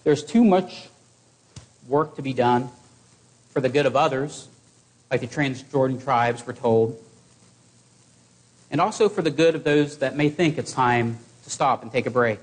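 A man preaching a sermon to his congregation in an earnest, exhorting way, with measured pauses. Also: mid-range voice.

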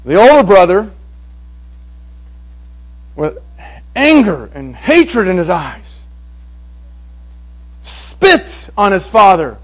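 A man preaching a sermon to a congregation, swinging from hushed passages to loud, emphatic ones. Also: sits high, huge pitch swings, drawn-out words, long pauses, poor audio. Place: evening meeting before a congregation.

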